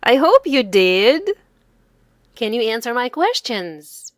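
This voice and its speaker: A woman reads a children's story aloud at a very slow, deliberate pace. Her voice swings up and down in a lively sing-song way, like someone reading to toddlers. The recording is dry and close, with no room sound. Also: fairly high pitch, dry recording. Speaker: storybook reader and author.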